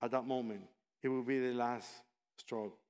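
A man preaching a sermon, speaking in a measured, emphatic way and reading passages aloud. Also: mid-range voice, steady tone, darkish tone, clear, resonant tone, long reverb tail.

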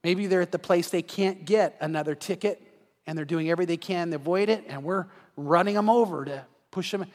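A male pastor giving an evening sermon in a conversational way, acting out everyday scenes in quick quoted voices. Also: high voice, darkish tone. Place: church sanctuary. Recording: long reverb of a large hall.

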